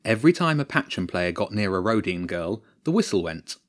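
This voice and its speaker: A man narrating a children's story in a steady, measured way. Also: lowish voice.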